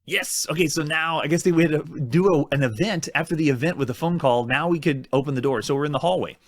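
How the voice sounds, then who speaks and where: A man hosts a retro game playthrough, talking his way through each typed command. His voice sits a little high, and he mocks his own fumbles in a chatty, thinking-aloud way. The sound is dry and close, with no room echo. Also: fast. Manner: thinks aloud while typing commands, chatty and self-mocking. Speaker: host. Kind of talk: retro game let's-play commentary.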